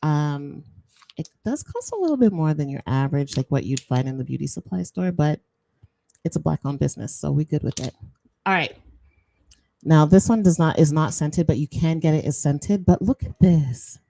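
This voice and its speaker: Chatty woman host with a mellow low voice. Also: normal speed, gravelly. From Jamaican roots. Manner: chatty, animated, laughs often, slips into patois. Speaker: podcast host. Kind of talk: casual chat.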